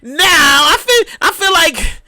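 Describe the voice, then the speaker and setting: Rowdy, slightly tipsy podcast host who rants and shouts, high-pitched, all over the place in pitch. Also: slow pace, no echo. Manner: loud, excitable, often shouting; rambling with many restarts. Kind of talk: casual podcast rant.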